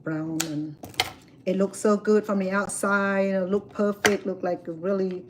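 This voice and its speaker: A woman's voice: mid-range voice, moderate pace. Woman vlogger, chatty storyteller, cooking outside on a camera mic with faint noise behind. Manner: chatty, animated storytelling with fillers. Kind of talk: casual chat while cooking. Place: outdoors at a home grill.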